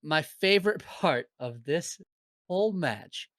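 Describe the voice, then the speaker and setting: Animated bright-voiced man on a podcast. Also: a little high, slow pace, no echo. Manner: animated, swearing freely. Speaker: podcast co-host. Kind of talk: casual chat.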